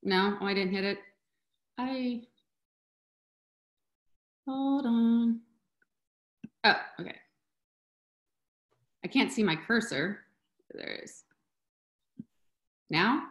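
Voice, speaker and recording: A woman's voice: fairly high pitch, drawn-out words, long pauses, roomy sound. A woman presenting on a video call in a casual, heartfelt way, sometimes getting choked up. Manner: emotional, chokes up at times. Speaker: webinar presenter.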